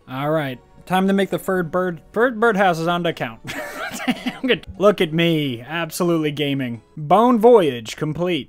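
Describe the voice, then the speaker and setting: Goofy excitable man narrating gameplay. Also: a little high, unhurried, faint music behind. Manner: goofy, excitable, swings between shouts and mumbles. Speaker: gaming YouTuber. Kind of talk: casual gameplay commentary.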